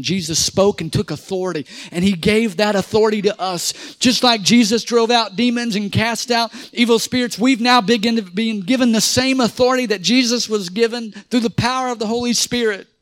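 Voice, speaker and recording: A man with a notably high voice preaches in church, lively and calling for amens and for the congregation to repeat after him. The sound is dry and close, with little room echo. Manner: animated preaching with call-and-response to the congregation. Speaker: pastor. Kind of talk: sermon.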